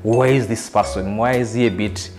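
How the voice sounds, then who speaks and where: A man's voice: on the low side, fairly even intonation, normal speed, music in the background. Reflective man in an interview. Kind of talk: documentary interview.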